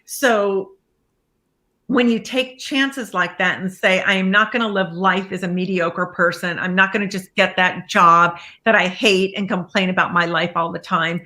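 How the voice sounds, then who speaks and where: Bright-voiced woman telling her story. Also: fairly low pitch, moderate pace. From Iraqi family background, raised in America. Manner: animated, acts out quoted voices, laughs often. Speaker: guest speaker and life coach. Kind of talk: casual storytelling interview.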